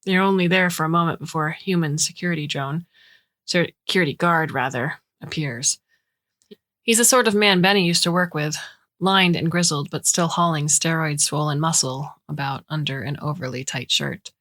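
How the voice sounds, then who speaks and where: Low-voiced woman narrating a story. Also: moderate pace, a bit bright.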